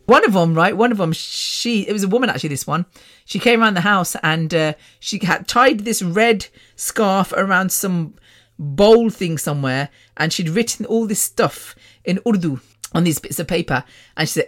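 A woman's voice: fairly low pitch, moderate pace. A woman from England, hosting a podcast and telling personal stories in a frank, chatty way, often laughing. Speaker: podcast host. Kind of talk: casual storytelling monologue. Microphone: podcast microphone.

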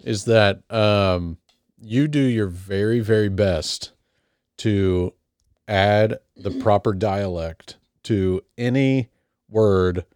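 A man's voice: lowish voice, a little mellow, clean tone, no echo, clean studio sound. A man co-hosting a casual chat, rambling and teasing with lots of fillers. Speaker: podcast co-host.

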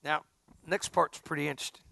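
A middle-aged man preaching a folksy storytelling sermon, swinging from hushed asides to loud outbursts. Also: a little high, steady tone, brisk, creaky, no room sound, studio quality.

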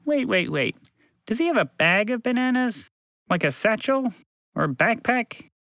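A man playing a bunch of curious, nitpicking kids who pester the storyteller with endless questions, pitched up high. The voices bounce around with lively inflection, in a dry, close recording. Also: normal speed, creaky, no room sound, full character voice. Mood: questioning.

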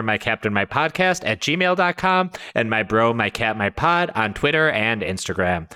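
Bright, clear-voiced male podcast host. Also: mid-range voice. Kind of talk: casual podcast chat.

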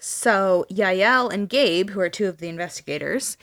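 A woman's voice: medium pitch, animated, normal speed, few pauses, fairly bright tone. A woman podcast host casually retelling a story, acting out the dialogue with casual swearing.

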